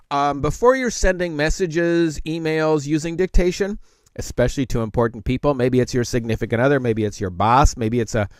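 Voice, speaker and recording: A middle-aged man walks viewers through a tech tip in a relaxed, conversational way, with plenty of fillers and restarts. His voice sits at an ordinary middle pitch. The recording is dry and close, with no room sound. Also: dry recording. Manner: slows to speak very deliberately when dictating. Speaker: tech tutor host. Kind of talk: casual tech tutorial.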